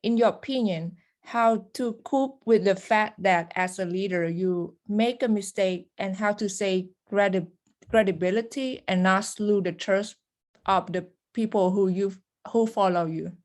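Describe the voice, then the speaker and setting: A woman moderating a chat, reading student questions aloud in a careful, halting way with small slips. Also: medium pitch, a little mellow.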